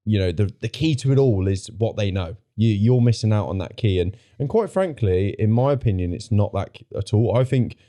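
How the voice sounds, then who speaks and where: A man talking as a podcast guest in a relaxed, mellow voice that sits on the lower side. He makes his points emphatically and with strong opinions, often restarting and repeating words. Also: fairly quick, few pauses. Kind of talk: casual podcast chat.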